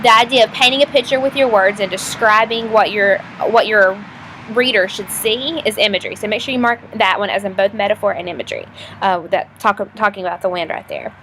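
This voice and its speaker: A woman teacher explaining a lesson for a recorded video in a casual, chatty way, often pausing with fillers and restarting her sentences. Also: medium pitch, fairly bright tone, a little hiss or hum. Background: passing trucks.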